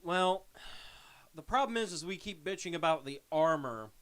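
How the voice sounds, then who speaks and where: A man's voice: a little high, animated, normal speed, a bit bright, clean tone. A man co-hosting a podcast, chatting casually with sarcastic, profane quips. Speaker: podcast co-host. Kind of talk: casual chat.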